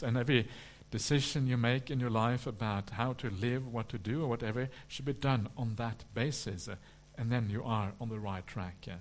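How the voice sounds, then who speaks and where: A man, a Buddhist monk, answering questions at a retreat in a relaxed, humorous way with many "uh" fillers. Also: mid-range voice. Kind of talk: dharma talk question and answer.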